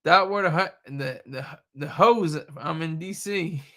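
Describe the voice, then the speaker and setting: A man's voice: fairly high pitch, takes it slowly, bright, forceful tone. A young man from Delaware chatting casually on a livestream, joking, laughing often and rambling. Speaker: livestream host. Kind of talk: casual live chat.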